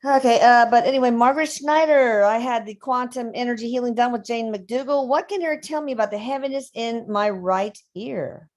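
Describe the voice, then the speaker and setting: A woman co-hosting a casual livestream, reading out viewer questions with chatty asides. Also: a little high. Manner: chatty, reads questions aloud, quick asides.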